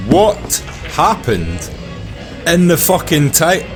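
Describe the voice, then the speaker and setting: A man's voice: fairly high pitch, takes it slowly, over music. Blunt, swearing English man reacting. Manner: swears a lot, blunt and animated. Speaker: reaction video host. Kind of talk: casual reaction commentary.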